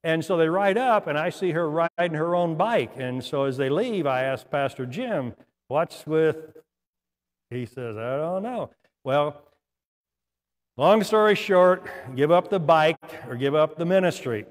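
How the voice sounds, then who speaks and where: A man's voice: a little high, animated, measured pace, long reverb tail. An older man, a pastor, preaching a sermon in folksy storytelling style with asides and laughs. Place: church sanctuary.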